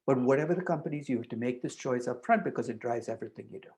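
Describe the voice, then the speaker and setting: An older male professor giving a university lecture, emphatic and animated, often restarting his sentences as he thinks aloud. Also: medium pitch, rapid-fire.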